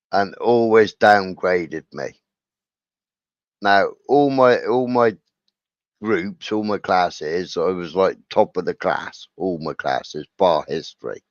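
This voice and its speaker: Streamer, middle-aged man, lowish voice, dry dull lo-fi mic, lively storyteller. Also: slow, no room sound. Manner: animated anecdote-telling, acts out quoted dialogue. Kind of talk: casual storytelling on a livestream. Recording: dull lo-fi sound.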